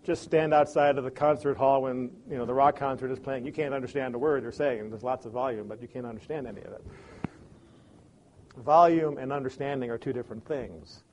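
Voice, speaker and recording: A man from Chicago giving an animated motivational talk on communication, acting out examples with big swings in pace and loudness. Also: mid-range voice, fairly quick, slight background noise. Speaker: speaker on communication.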